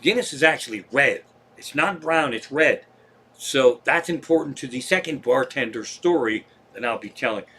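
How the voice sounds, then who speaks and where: A middle-aged man with a Pennsylvania accent, a comedian telling a profane, animated story on a live stream. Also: medium pitch, moderate pace, a little hiss or hum.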